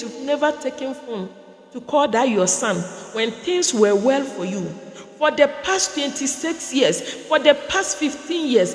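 A woman prophetess preaching a sermon, building through repeated phrases and acted-out dialogue. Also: high voice. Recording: echoey hall with long reverb.

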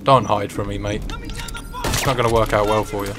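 A chatty man with a fairly low voice who gives joking live commentary as he plays and talks back to the characters on screen. Game sounds are clearly heard behind him. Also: flat delivery, a little fast, a bit bright, a little hiss or hum. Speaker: gaming streamer. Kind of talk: casual live-stream commentary.

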